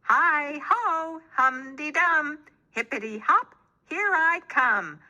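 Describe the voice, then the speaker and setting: A woman voicing a cheerful, hungry young female hippo in a high, singsong storybook voice. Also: sing-song, takes it slowly, pushed and bright, dull audio, full character voice. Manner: bouncy, singsong, much higher voice.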